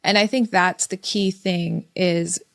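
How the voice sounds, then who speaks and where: A woman's voice: fairly low pitch, fairly even intonation, takes it slowly, vocal fry, a bit bright. A woman in her thirties co-hosting a parenting podcast, chatting casually and telling family stories with reflective detail. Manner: reflective storytelling, quotes family dialogue. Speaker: podcast co-host.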